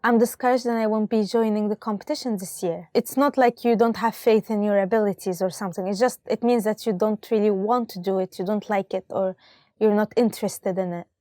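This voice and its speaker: A woman's voice: medium pitch, fairly even intonation, a little fast, warm tone, dry recording, studio quality. An Egyptian woman with an Egyptian accent, teaching vocabulary to camera in a cheerful way and laughing often between examples. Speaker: language teacher.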